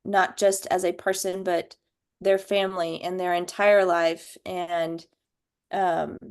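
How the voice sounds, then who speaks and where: Woman, casual book club chat over a video call, slow and reflective, lower voice. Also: level tone, darkish tone, clear, resonant tone. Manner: unhurried, thoughtful, many ums. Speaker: book study participant. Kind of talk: casual group discussion.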